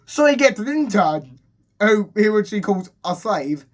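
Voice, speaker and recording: A man's voice: sits high, very animated, moderate pace. A man casually recapping a film's plot in a rambling, restart-filled way. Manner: rambling, full of restarts and "he's just like". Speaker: movie reviewer.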